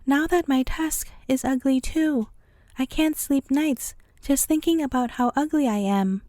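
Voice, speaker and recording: A woman's voice: high-pitched, unhurried, warm tone, no echo, clean studio sound. A woman reading as a gloomy old rhinoceros. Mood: mournful. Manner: mournful, grumbling self-pity. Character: old male rhinoceros, gloomy and short-tempered.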